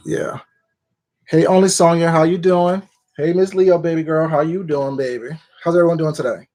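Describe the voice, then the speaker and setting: A man's voice: on the high side, steady tone, normal speed, warm tone. A man hosting a casual livestream, greeting viewers one by one by name in a familiar, chatty way. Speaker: livestream host.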